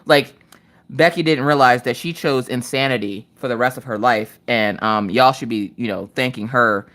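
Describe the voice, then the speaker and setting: A woman's voice: rumbling low, normal speed, a bit bright. A Southern woman in her late thirties chatting casually on a craft live stream, telling stories with swearing and a slight slur. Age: 30s.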